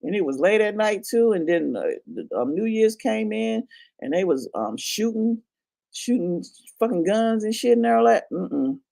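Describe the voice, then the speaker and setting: A woman's voice: mid-range voice, lively intonation, moderate pace, gravelly, dark tone. A woman in her fifties telling a story in a casual chat, frank and profane, laughing as she goes. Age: 50s. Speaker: channel host.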